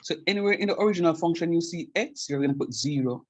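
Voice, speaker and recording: A man's voice: fairly high pitch, quick pace, lo-fi sound. A middle-aged man teaching a calculus lecture, repeating key points with emphasis and checking that students follow. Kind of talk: classroom math lecture.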